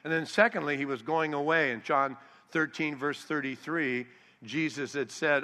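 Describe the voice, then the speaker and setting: Bright-voiced male preacher in a hall. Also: on the high side, steady tone. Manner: slows down for scripture quotes, acts out disciples' voices. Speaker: pastor. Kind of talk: sermon. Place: large hall with long reverb. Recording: reverberant hall.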